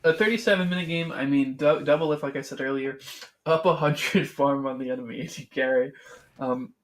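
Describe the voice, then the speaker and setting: A man's voice: mid-range voice, fairly quick. A man co-hosting a casual esports podcast, rambling along with lots of "I mean" and "like.". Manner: rambling, full of fillers like "I mean" and "like". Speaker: podcast co-host. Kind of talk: casual chat about esports.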